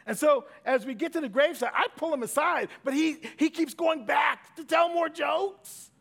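A middle-aged man preaching a sermon, swinging from loud emphatic bursts to hushed asides. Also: extremely high pitch, normal speed, creaky. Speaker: pastor.

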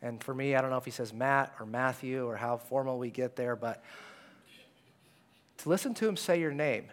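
A male pastor giving a conversational, animated sermon in a church, at times dropping to a hush. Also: mid-range voice, moderate pace. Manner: conversational and animated, dropping to hushed tones for quoted words. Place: church sanctuary.

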